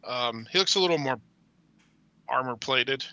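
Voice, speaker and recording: A man's voice: medium pitch, a little slow, bright, forceful tone, dry recording, lo-fi sound. A man co-hosting a casual podcast, answering in short, laid-back remarks. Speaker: podcast co-host.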